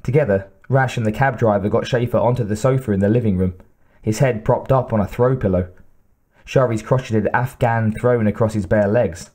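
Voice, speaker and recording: A man narrating an audiobook in a measured, steady reading. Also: on the low side. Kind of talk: scripted narration.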